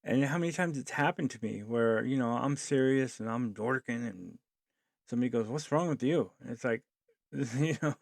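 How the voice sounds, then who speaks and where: A man hosting his own podcast, talking earnestly in a rambling way with many pauses and fillers. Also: mid-range voice, gravelly, no room sound, clean studio sound. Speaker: podcast host. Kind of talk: solo podcast commentary.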